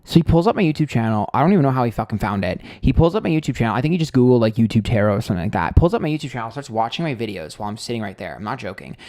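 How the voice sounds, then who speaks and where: A man's voice: medium pitch, very animated, rapid-fire, few pauses, a little mellow, dry recording, clean studio sound. A young man hosting a tarot livestream, telling a date story in a blunt, sarcastic, gossipy way with plenty of fillers. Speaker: tarot reader and livestream host.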